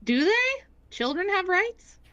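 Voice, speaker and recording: High bright woman debating. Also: sing-song, slow, no echo, muffled recording. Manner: pointed questioning, acts out her child's lines. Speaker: debate opponent. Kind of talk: live debate.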